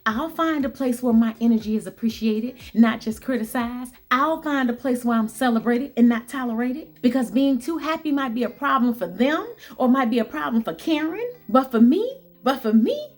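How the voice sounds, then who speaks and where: A woman's voice: on the high side, animated, moderate pace. A bubbly, upbeat woman telling viewers a workplace story, repeating phrases for emphasis and talking straight to them. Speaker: vlogger telling a work story. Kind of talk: storytelling monologue.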